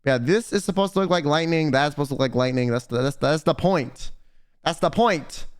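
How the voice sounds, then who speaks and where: A young man streaming, telling stories in casual, profane, animated chat. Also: a little high, fairly quick, smooth.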